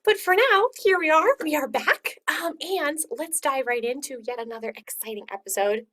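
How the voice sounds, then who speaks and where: A woman's voice: high-pitched, normal speed, few pauses, a bit bright. A woman hosting a choose-your-own-adventure story, reading it aloud and chatting with her listeners. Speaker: storyteller and host.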